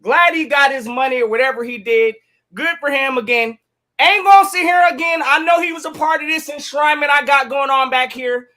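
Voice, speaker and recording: A man's voice: very high-pitched, fairly quick, pushed and bright. A man from co-hosting a sports podcast, talking animatedly and trash-talking a rival team. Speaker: podcast co-host. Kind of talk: casual sports talk.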